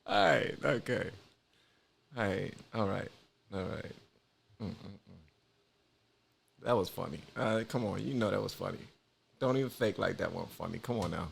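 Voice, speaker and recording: A man's voice: lowish voice, normal speed, vocal fry, pauses often, breathy edge. A man hosting a reaction video, chatting in a laid-back, slangy way. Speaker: reaction channel host. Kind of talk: casual reaction commentary.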